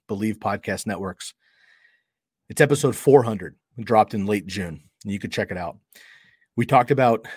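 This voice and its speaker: A man's voice: fairly low pitch, breathy edge, no echo, clean studio sound. A middle-aged man hosting a podcast, telling a story in a casual, conversational way and acting out the quoted dialogue. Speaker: podcast host.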